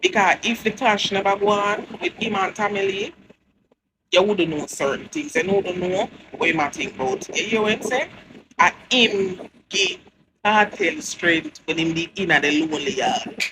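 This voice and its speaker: A woman with a Jamaican accent delivers casual entertainment commentary in a chatty, teasing way and laughs often. Her pitch sits mid-range for a woman. Steady background noise runs under the recording. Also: moderate pace. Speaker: entertainment news vlogger.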